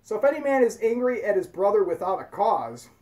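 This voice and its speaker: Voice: mid-range voice, sing-song, fairly quick, a little mellow. A host giving casual spoken commentary in a blunt, profane, rambling way. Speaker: video host.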